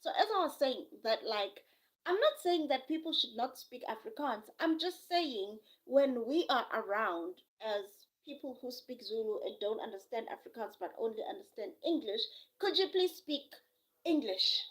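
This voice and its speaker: A young woman telling a personal story on a live stream from home, animated and acting out what others said. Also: a little high, moderate pace, rough recording. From South Africa. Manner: animated, acts out quoted voices. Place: home, quiet with a sleeping baby.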